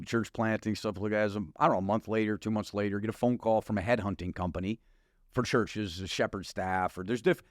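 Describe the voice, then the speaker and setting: Speaking in a voice on the low side, a Wisconsin pastor in middle age recounts his testimony as a guest, recorded cleanly in a studio with no room sound. His storytelling is lively, full of laughter and acted-out exchanges.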